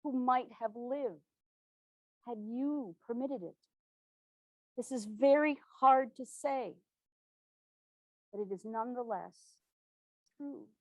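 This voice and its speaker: A woman playing an earnest 1860s governor's widow, recounting events in a formal, measured period manner. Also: medium pitch, expressive, no echo, natural voice. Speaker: living historian. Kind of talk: first-person historical portrayal.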